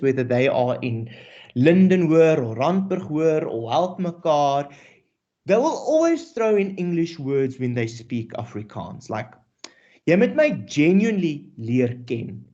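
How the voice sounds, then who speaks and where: A South African male teacher explains a poem at an unhurried pace, his pitch rising and falling with animation. His tone is mellow and relaxed, and he drops in questions to the class as he goes. The recording is dull and lo-fi. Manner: animated, mixes English and Afrikaans, rhetorical questions. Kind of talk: classroom poetry lesson.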